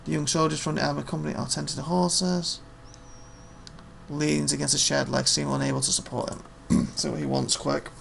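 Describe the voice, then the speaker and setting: A man playing a story game, reading its text aloud plainly with quick offhand comments. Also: a little high, level tone, vocal fry, a bit bright, slight background noise. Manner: reads narration plainly, quick offhand asides. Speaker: let's play host.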